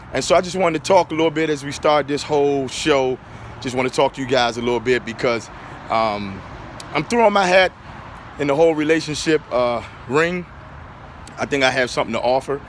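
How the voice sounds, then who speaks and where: A man's voice: medium pitch, slight background noise. Preachy middle-aged man talking in his car. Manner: repetitive, preachy, animated when riled. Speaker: pastor and author. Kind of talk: casual vlog talk to viewers. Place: inside a car. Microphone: phone.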